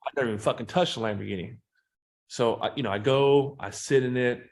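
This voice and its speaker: Sales-trainer guest, male, mid-pitched, swearing freely, animated storyteller. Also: fairly quick. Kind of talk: casual interview talk.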